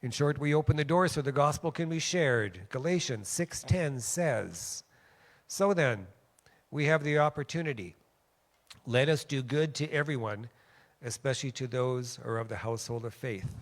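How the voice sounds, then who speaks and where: A man from Western Canada gives a sermon in a church, chatty and story-driven. His voice sits at a mid pitch, and he lifts it with energy when he acts out other people's lines. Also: normal speed. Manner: conversational, animated when quoting others, frequent "okay?". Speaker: guest preacher. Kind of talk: sermon with personal stories. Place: church sanctuary.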